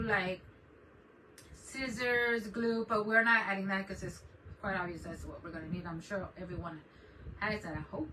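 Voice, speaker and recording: Her voice sits on the high side, pushed and bright, as she hosts a casual craft live stream from her home desk. She chats, laughs often, and greets viewers by name. The distant mic picks up faint background noise.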